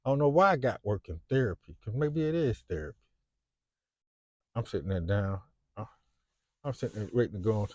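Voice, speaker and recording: A man's voice: fairly low pitch, lively intonation, fairly quick, pauses often, darkish tone, dry recording. A man in his fifties with a Chicago accent, talking to camera in a rambling, unscripted monologue. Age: 50s. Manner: rambling, frequent fillers and restarts. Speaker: vlogger.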